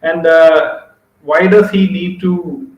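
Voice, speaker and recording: A man's voice: a little high, fairly even intonation, takes it slowly, echoey room, muffled recording. A man joining as a guest in a casual discussion, asking doubtful questions in a hesitant way.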